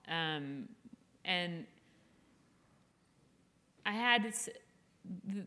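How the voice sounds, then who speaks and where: A middle-aged woman author talks candidly at a live event, chatty and self-deprecating. Her voice is bright and forward, pitched on the lower side for a woman. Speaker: author guest. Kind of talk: candid conversational interview.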